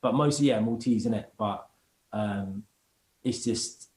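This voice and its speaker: A man's voice: on the low side, a little slow, reverberant, poor audio. A man, a podcast guest chatting casually in heavy street slang and acting out other people's voices as he tells stories. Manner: animated storyteller, acts out other people's voices.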